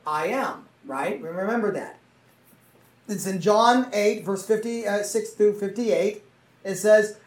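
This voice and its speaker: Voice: mid-range voice, darkish tone. A Bible teacher reading scripture aloud and explaining it in a conversational way, often checking in with listeners through tag questions. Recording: roomy, mic far from the speaker.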